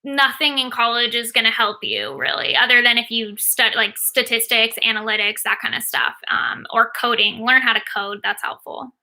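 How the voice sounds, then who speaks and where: A woman's voice: a little high, lively intonation, moderate pace, few pauses, sharp tone. A woman in her thirties, a sports agent, casually answering viewer questions while watching a game, with many ums and likes.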